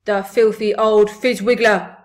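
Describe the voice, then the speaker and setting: Storybook giant, male, old, kindly, jumbled grammar, high and loud; a woman reader puts him on. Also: expressive, measured pace. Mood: indignant. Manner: muddled grammar, warm-hearted exclamations.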